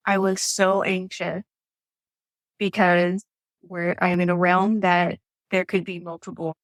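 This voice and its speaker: A woman's voice: on the low side, little pitch movement, slow, dry recording. A woman who works as a nurse, telling her story as a podcast guest in a chatty way with many fillers. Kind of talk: casual storytelling interview.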